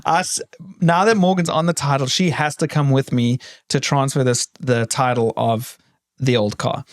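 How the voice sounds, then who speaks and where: A man's voice: mid-range voice, fairly even intonation, normal speed. Playful man rambling through a story. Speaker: podcast co-host. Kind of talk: casual chat.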